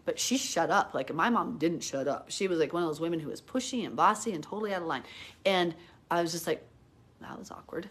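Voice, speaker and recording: A woman's voice: on the low side, animated, fast, slightly rough. A middle-aged woman giving a live Bible teaching, talking in a hyper, chatty way full of "like" and turning earnest and emotional as she tells her story. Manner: earnest and emotional when retelling prayer.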